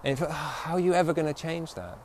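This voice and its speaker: A man's dharma talk, given as a meditation teacher, is reflective, with key phrases stressed by slowing down and frequent check-ins with listeners. His voice is a little high, and there is slight background noise.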